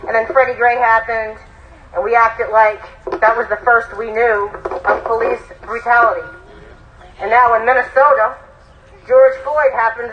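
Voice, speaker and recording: A woman state senator speaks at an outdoor protest rally, deliberate and measured, building her emphasis. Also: on the high side, steady tone, lo-fi sound, faint music behind. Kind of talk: political rally speech.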